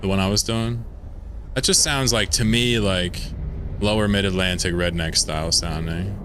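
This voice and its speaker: Man from the American South, game streamer, fairly low voice, rambling, swears a lot, faint background hiss. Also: fairly even intonation, normal speed. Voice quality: rambling, profane, offhand. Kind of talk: casual live-stream chat over gameplay.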